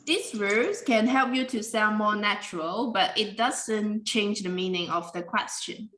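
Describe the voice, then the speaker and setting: A woman's voice: medium pitch, a little slow, fairly bright tone. A woman teaching an English lesson, explaining patiently in slightly non-standard grammar. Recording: echoey room with faint noise.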